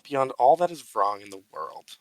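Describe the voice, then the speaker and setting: A man's voice: mid-range voice, lively intonation, normal speed, dry recording, rough recording. A man co-hosting a casual, unedited podcast chat. He swears freely, laughs at himself and launches into mock-grandiose tributes. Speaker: podcast co-host.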